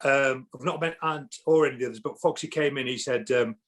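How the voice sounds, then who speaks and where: A man guesting on a podcast in casual chat, telling animated stories and acting out what people said. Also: mid-range voice, quick pace. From England. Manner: animated storyteller, acts out quotes, many restarts.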